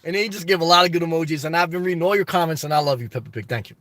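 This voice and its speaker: A man's voice: on the high side, rapid-fire, a bit bright, no echo. A man reading chat on a phone live stream, talking politics in an emphatic casual way. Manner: emphatic, repeats "okay?" and "good job".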